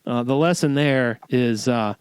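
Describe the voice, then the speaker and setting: A man hosting a podcast, telling stories in an animated casual way, often laughing as he talks. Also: medium pitch, a little slow, clear, resonant tone, dry recording. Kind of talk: casual storytelling chat.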